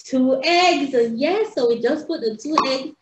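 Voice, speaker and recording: A woman teaching young children in a sing-song, excitable way, recorded indoors. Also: high voice, a little slow, noisy background. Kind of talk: animated lesson for young children. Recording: roomy, slightly dull home video.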